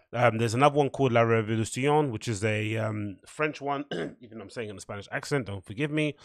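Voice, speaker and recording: A man's voice: mid-range voice, dry recording, studio quality. A man hosting his own podcast, rambling casually through his week with lots of fillers. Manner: rambling, loose, filler-heavy. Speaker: podcast host.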